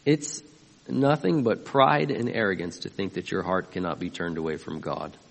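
A man's voice: deep voice, normal speed, gravelly, in a large hall. A man preaching a sermon as pastor, emphatic and often asking his listeners questions. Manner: emphatic, asks the congregation questions.

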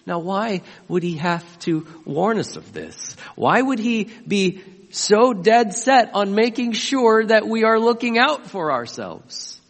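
A man's voice: sits high, very animated, slow, big-room sound. A man preaching a sermon as pastor, emphatic and often asking his listeners questions. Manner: emphatic, asks the congregation questions.

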